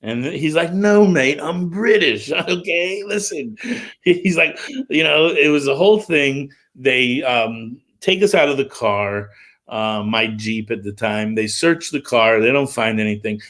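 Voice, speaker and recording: A middle-aged man, a music promoter, casually telling an animated story on a livestream call, with lots of filler words. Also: medium pitch, unhurried.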